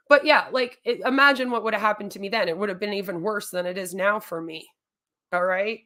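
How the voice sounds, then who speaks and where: A woman's voice: medium pitch, brisk, sharp tone. A woman streamer ranting in a long, rambling monologue, exasperated and swearing often.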